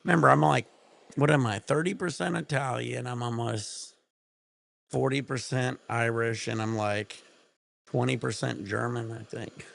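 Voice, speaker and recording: A man's voice: medium pitch, unhurried, creaky, fairly bright tone, no echo. A man streaming from home, chatting casually in a rambling, laid-back way with plenty of swearing.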